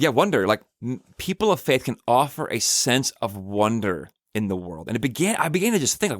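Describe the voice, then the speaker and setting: A man's voice: mid-range voice, big pitch swings, quick pace, hardly any pauses, a bit bright, dry recording, clean studio sound. A man hosting a church podcast, talking in a casual, earnest way and telling stories with frequent restarts. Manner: rambling, earnest, storytelling with restarts. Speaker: podcast host, church minister. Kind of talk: casual reflective podcast monologue.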